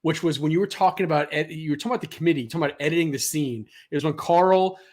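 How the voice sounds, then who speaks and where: A man hosting a podcast, talking quickly and excitedly in casual chat, swearing freely. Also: a little high. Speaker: podcast host.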